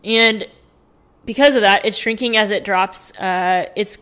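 Give me a woman podcast co-host casually reading out news stories, mid-pitched and chatty. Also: a little slow, a bit bright, clear, resonant tone. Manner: chatty, reads from notes with fillers.

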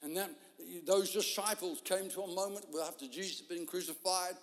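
Man, preacher, high voice, animated sermon storytelling, long hall reverb. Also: brisk.

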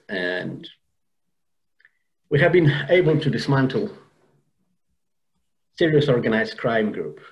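On a podcast, an earnest male guest tells an emotional personal story in an interview, often restarting and repeating words. His voice is lowish and gravelly, and the recording is low quality.

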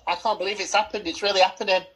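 A woman's voice: mid-range voice, steady tone, racing, a bit bright, low-quality recording. A young woman co-hosting a casual film-review chat, boasting in playful, theatrical banter and swearing freely. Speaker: podcast co-host.

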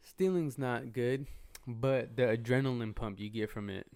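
A man's voice: medium pitch, normal speed, gravelly, darkish tone, no room sound. A young man co-hosting a podcast, chatting casually with lots of slang and swearing. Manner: slangy, swears a lot, says bro and dog. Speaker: podcast co-host. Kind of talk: casual chat.

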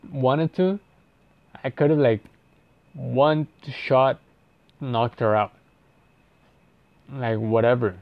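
A man's voice: medium pitch, no room sound, muffled recording. A young man telling a story casually, rambling and profane, with lots of "like" fillers and restarts.

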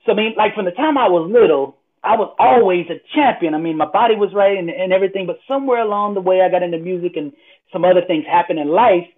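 A man's voice: high-pitched, fast talker. A man, a motivational speaker, telling a story from his life in casual conversation, repeating words and acting out what people said. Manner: animated storyteller, repeats words, acts out quotes loudly. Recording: tinny phone-like line.

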